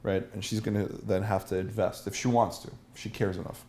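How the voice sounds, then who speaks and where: A man's voice: on the low side, fairly even intonation, fairly quick, a little mellow, a little hiss or hum. A man teaching a seminar as a dating coach, asking the room questions and acting out example lines.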